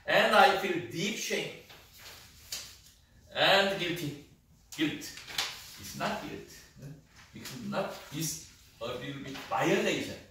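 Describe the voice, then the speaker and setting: A man whose first language is Korean, lecturing a class on English usage in a halting way, repeating words and often checking with "okay?". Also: a little high, lively intonation, sharp tone. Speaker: university lecturer. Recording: echoey room, mic far off, faint noise.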